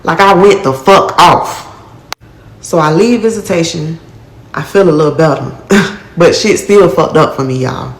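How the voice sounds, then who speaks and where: Woman storyteller, lowish voice, blunt and profane, echoey room. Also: a little slow, slight background noise. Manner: blunt, profane street talk with acted-out quotes. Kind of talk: casual first-person storytelling.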